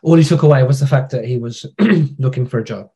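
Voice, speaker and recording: A man's voice: mid-range voice, brisk, dark tone. Frank man telling anecdotes. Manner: anecdotal storytelling, frank, British slang. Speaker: podcast guest, digital marketer. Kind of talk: casual conversation.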